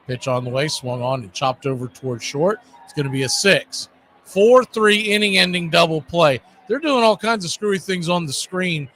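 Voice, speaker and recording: A man with a bright, forceful, slightly higher voice calls a baseball game pitch by pitch. He keeps it relaxed and conversational and fills the gaps between pitches with chatty asides. A faint hiss of noise sits under his voice. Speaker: play-by-play announcer. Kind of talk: live baseball play-by-play commentary.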